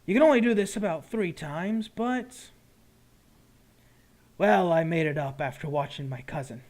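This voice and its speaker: A man's voice: fairly high pitch, measured pace, a little mellow, voice pushed up, lightly acted. A man voicing a shrewd male potion brewer who sells his wares and haggles politely but firmly. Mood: boastful. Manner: bargaining, polite but firm.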